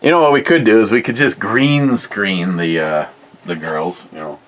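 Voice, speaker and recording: A man's voice: lowish voice, moderate pace, fairly bright tone, slight background noise, poor audio. A man hosting a casual live stream, reading viewer comments aloud and answering them with crude, rambling jokes and lots of fillers. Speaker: beer review livestream host.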